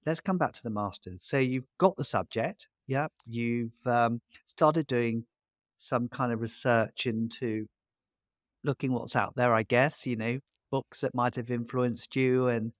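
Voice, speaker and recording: A man in a middle pitch hosts an interview podcast. He asks loose, relaxed questions, often stopping on fillers and restarts. The sound is dry and close. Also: a little slow, no room sound. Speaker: podcast host. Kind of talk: conversational interview.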